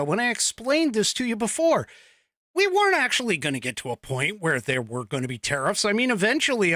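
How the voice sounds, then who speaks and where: A man's voice: fairly high pitch, pushed and bright, no room sound, clean studio sound. A man hosting a political talk show, giving opinionated commentary with mocking asides and frequent laughs. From United States. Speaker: podcast host.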